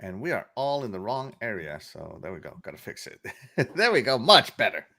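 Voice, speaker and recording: A man's voice: lowish voice, sing-song, moderate pace, sharp tone. A man hosting a casual livestream podcast, chatty and upbeat, laughing often as he greets viewers. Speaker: podcast host.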